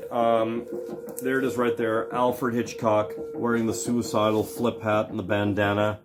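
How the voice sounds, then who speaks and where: Foul-mouthed excitable man, music behind. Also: fairly low pitch, measured pace. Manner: excitable, swears constantly, punchy emphatic lists. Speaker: vlogger showing his record purchases. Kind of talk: casual, profane monologue.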